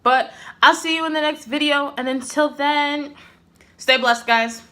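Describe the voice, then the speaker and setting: A young adult woman telling a casual storytime to her vlog viewers, chatty and animated, filling her talk with "like" and "literally". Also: high-pitched, unhurried. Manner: chatty, filler-heavy with many "like"s and "literally"s; animated, swinging between exasperated and laughing. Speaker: vlogger.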